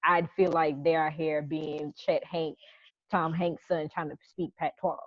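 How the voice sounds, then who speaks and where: A woman with a Charleston accent tells stories on a casual podcast, spelling out local words as she goes. Her voice sits low. The sound is dry and a little dull, like a lo-fi mic. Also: unhurried, no echo. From Charleston, South Carolina. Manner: animated storyteller, spells words out. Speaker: podcast co-host. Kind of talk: casual chat.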